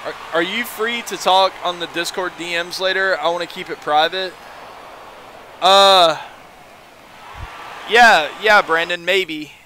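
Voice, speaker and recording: A man's voice: high-pitched, measured pace, pauses often, sharp tone, slight background noise. A man streaming a video game, chatting casually and rambling to his viewers. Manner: rambling, chatty, reads chat aloud. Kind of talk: casual gaming stream chat.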